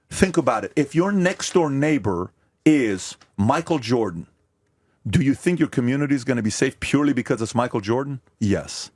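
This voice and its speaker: Guy arguing hard on a podcast, voice swings all over, bit husky, dry sound. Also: mid-range voice, no echo. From America. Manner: forceful, emphatic, rhetorical questions. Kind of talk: heated debate.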